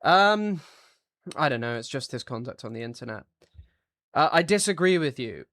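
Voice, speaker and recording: A man's voice: mid-range voice, lively intonation, normal speed, a bit bright, dry recording. A man streaming live, reading out viewer chat and answering it in an offhand, blunt way. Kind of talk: casual livestream chat.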